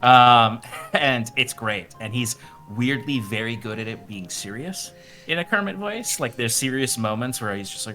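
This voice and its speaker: A man's voice: medium pitch, moderate pace, sharp tone, faint music behind. A man as a roundtable guest, amused and laughing as he talks. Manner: amused, laughs while talking. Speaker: guest streamer. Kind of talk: casual roundtable chat.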